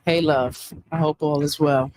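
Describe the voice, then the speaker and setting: A woman's voice: low-pitched, unhurried, a little hiss or hum. Emphatic woman hosting a livestream. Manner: animated, preachy, emphatic repetition. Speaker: livestream host. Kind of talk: casual livestream talk.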